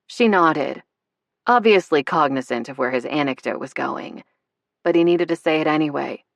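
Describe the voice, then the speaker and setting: A woman reading a romance audiobook in an expressive, measured storytelling manner. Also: deep voice, vocal fry, dry recording. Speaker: audiobook narrator. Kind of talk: scripted narration.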